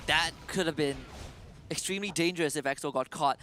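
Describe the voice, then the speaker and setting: A man casting a mobile esports match live, giving measured, analytical play-by-play. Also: a little high, background noise. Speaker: esports caster.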